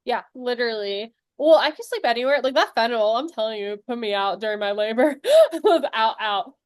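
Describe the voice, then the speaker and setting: Young woman with a high voice, chatty and laughy, dry close sound. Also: expressive, a little fast, clean tone, dry recording. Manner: chatty, laughs while telling stories. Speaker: podcast co-host, new mother. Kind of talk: casual chat.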